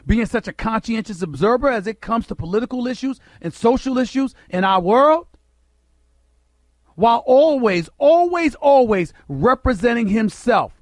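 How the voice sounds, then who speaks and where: A man's voice: high-pitched, no room sound. A middle-aged American man delivering an impassioned sports radio monologue, emphatic and preacher-like, firing rhetorical questions at listeners.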